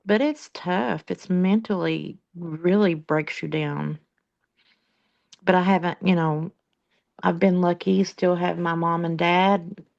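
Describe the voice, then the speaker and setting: A woman's voice: on the low side, fairly even intonation, slow pace, gravelly, a little mellow. A woman chatting in a casual group discussion about caring for a relative, rambling with lots of fillers. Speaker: family caregiver in discussion. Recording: dull lo-fi sound.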